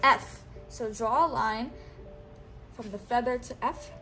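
A woman teaching a child one-on-one, speaking slowly and patiently and repeating words for the child to say back. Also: a little high, sharp tone, faint music behind. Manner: slow, coaxing, repeats words for the child to echo.

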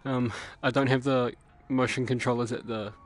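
A young man streaming a horror game live, cursing constantly and yelling when something startles him. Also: mid-range voice, level tone, normal speed, soft background music. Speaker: gamer streamer. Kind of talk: live gameplay commentary.

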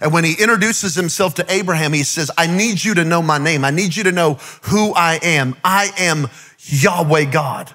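A man preaching an energetic sermon as guest pastor, with rising fervor and shouted calls to the crowd. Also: on the high side, normal speed.

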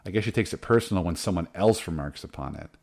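Guy cohosting a book podcast, joking around, does little voices for characters, lowish voice. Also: fast, gravelly, a little mellow, slightly rough. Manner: playful, acts out lines in silly voices. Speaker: podcast co-host. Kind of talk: casual book-club chat.

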